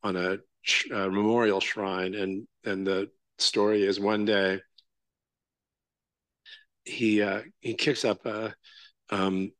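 A man's voice: fairly low pitch, little pitch movement, slow pace, long pauses, a bit bright, dry recording. A male Zen teacher giving a conversational dharma talk with many fillers, restarts and a frequent "right?".

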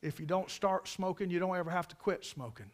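Expressive, high-pitched, and fairly quick, this man preaches to a church congregation in a Carolina Southern drawl. His folksy sermon is made up of stories broken up by emphatic asides.

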